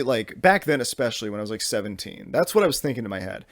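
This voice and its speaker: Talking quickly with lively intonation, a young male podcast host in his twenties tells a rambling, exasperated comedic story. He restarts often and curses freely. His medium-pitched voice is captured in a dry, clean studio recording.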